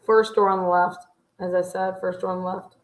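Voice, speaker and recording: Woman host, flat even delivery, analytical commentary, echoey room. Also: lowish voice, brisk. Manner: analytical, pointing out details. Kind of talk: case commentary over footage.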